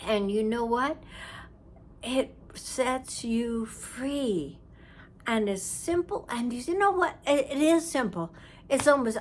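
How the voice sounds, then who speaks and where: Slow, earnest woman teaching. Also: on the high side, animated, a little hiss or hum. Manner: earnest, drops to a whisper for emphasis. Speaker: spiritual teacher. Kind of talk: slow, heartfelt spiritual talk.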